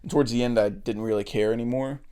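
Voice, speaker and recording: A young man co-hosts a movie podcast in a medium-pitched, mellow, clean voice with fairly even intonation and a quick pace. His casual, rambling chat is loose and profane, heavy on swearing and fillers. He often laughs at his own retellings of scenes while keeping an easygoing flow.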